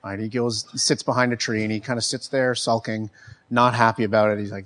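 Casual low-voiced man giving a talk. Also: flat delivery, a little fast, fairly bright tone. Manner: conversational, restarts, keeps asking "right?". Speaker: speaker on accessibility.

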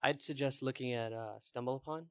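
A man on a panel offering suggestions in an even manner. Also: mid-range voice, moderate pace, clean tone, dry recording, studio quality. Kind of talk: conference panel discussion.

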